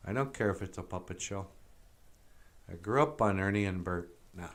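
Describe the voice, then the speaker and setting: A man's voice: mid-range voice, animated, normal speed. A man hosting a puppet show, musing wryly in a drawling, self-mocking way. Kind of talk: casual musing monologue.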